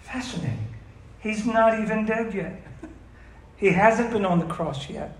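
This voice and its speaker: A man's voice: high-pitched, a little hiss or hum. Emphatic male preacher in echoey room. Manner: emphatic, asks the audience questions, reads verses slowly. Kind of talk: sermon teaching on scripture.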